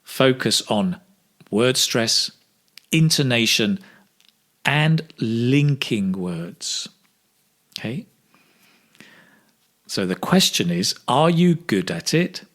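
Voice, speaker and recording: A man teaching English speaking, modelling phrases slowly with exaggerated intonation for learners to repeat. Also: medium pitch, expressive, a bit bright. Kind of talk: slow, clear pronunciation drill.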